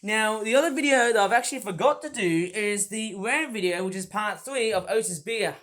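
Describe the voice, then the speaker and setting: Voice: medium pitch, normal speed, fairly bright tone. Rambling toy vlogger. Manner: rambling, jokey, self-mocking. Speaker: toy reviewer. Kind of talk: casual vlog.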